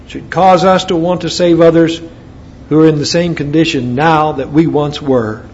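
A man's voice: a little high, steady tone, moderate pace, darkish tone. An American man preaching a sermon, mixing scripture readings with folksy asides. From United States. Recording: dull lo-fi recording with faint background noise.

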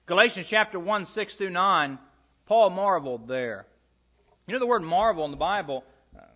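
A man preaches a sermon to a congregation, reading scripture aloud and telling stories from his own ministry. His voice is a little high with a sharp tone, and the sound is lo-fi.

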